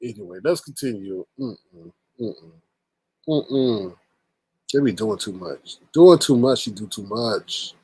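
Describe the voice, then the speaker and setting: A man's voice: fairly low pitch, animated, moderate pace, hardly any pauses, a little mellow, husky, no echo. Emphatic man narrating commentary, dry sound. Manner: emphatic, repeats his points. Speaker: commentary host. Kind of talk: casual commentary over clips.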